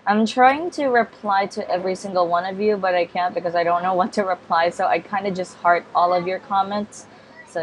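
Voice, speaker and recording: Over a little hiss or hum, a woman with a mid-range voice gives casual game commentary on her vlog. Her delivery is hesitant and meandering, thick with ums and restarts, and she repeatedly offers apologies and polite refusals.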